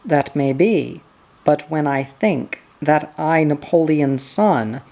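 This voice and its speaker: A reader voicing an eighteen-year-old prince who talks in a proud, intense and resentful way. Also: male voice, a little high, animated, takes it slowly, a little mellow. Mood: bitter earnest. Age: teens.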